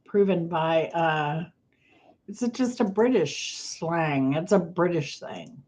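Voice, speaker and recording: Brief: woman livestream host, slow rambling chat, lowish voice, coughing, lo-fi audio. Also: animated, darkish tone. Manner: chatty, self-amused, trailing off mid-sentence. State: coughing and sneezing. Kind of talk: casual chat reading viewer comments.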